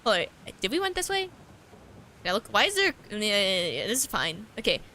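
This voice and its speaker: A woman's voice: medium pitch, very animated, normal speed, pushed and bright. A woman streamer reading a horror visual novel aloud in different voices, with joking asides. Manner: reads all characters aloud, joking asides. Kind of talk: let's-play reading with commentary.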